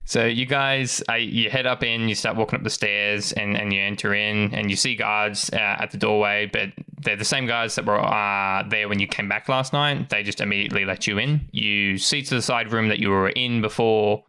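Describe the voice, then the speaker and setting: Man, game master, casual narration, fillers, crisp clear voice. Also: fairly low pitch, fairly even intonation, moderate pace, hardly any pauses, pushed and bright. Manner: casual, swearing, many fillers.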